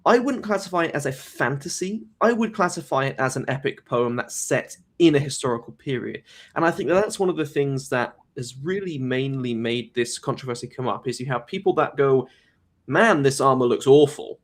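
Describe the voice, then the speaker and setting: A man at a mid pitch hosts a live-streamed talk. He lays out his views in a measured, analytical way and states his opinions firmly. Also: expressive. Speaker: host.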